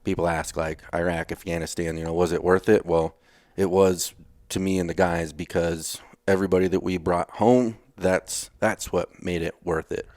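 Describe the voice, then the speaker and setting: A retired Navy SEAL from Texas talks as a podcast guest, his voice sitting low with fairly even intonation, a moderate pace, and a slightly mellow tone. The sound is clean studio audio with no room sound. In this casual storytelling interview he's blunt, swears casually, and acts out his former lines.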